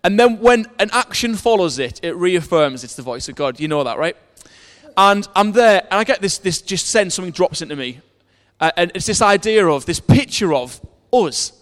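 A man delivers a sermon, weaving a personal story around scripture readings in an earnest way and often restarting his phrases. His voice sits a little high for a man. The long reverb of a hall trails behind every line. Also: animated, moderate pace, a bit bright. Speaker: preacher.

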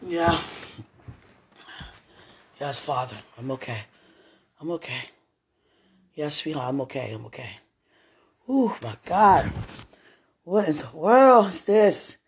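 A distressed former minister speaks very slowly in an emotional live chat, murmuring prayers and pleading with himself to calm down. The voice sits at an ordinary pitch and is tense throughout. Steady noise and clicks run underneath the recording.

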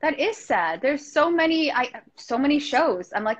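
A woman's voice: high voice, animated, moderate pace. A woman hosting a podcast, chatting in a bubbly, gushing way and laughing often. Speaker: podcast host. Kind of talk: casual chat. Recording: dull, slightly muffled sound.

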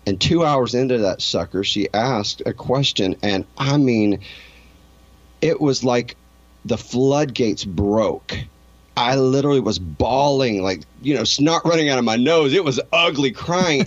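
A man's mid-range voice comes at a measured pace, lo-fi and without echo. As an interview guest, he tells a personal story earnestly and emotionally, often restarting his sentences.

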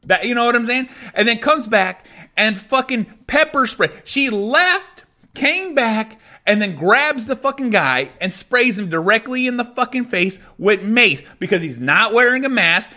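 Male podcast host, high bright voice, profane angry rant over a news clip. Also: sing-song, unhurried. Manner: angry, profane, repetitive ranting. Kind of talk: ranting commentary on a news clip.

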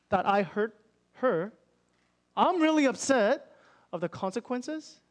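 A young man preaching a sermon in an earnest, conversational way, acting out people's inner thoughts as he explains. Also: high voice. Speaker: pastor.

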